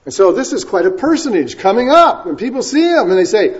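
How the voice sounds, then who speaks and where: Man preaching with dramatic loud-soft swings. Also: sits high, sing-song, breathy edge. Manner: dramatic swings between loud emphasis and quiet asides; stretches key words slowly for emphasis. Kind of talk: sermon. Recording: dull lo-fi recording.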